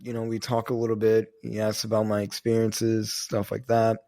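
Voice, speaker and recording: A man's voice: lowish voice, monotone, normal speed, warm tone. A man co-hosting a podcast, telling a story in a rambling, casual way, with many fillers and some swearing. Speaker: podcast co-host.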